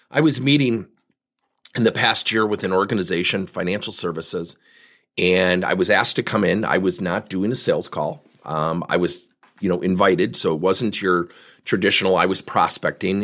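A man with a low voice coaches on sales at a moderate pace. It's storytelling talk, and he's a lively narrator who acts out both sides of the conversations he describes.

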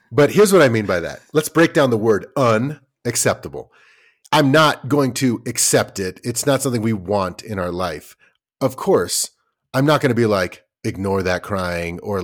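A man co-hosting a podcast in casual chat, animated and acting out little quoted voices, with many fillers and restarts. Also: lowish voice, a little slow. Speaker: podcast co-host.

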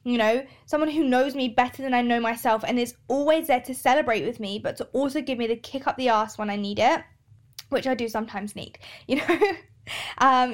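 Candid, swearing woman podcaster. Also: on the high side. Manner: candid and emotional, swears often. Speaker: podcast host. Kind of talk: casual monologue.

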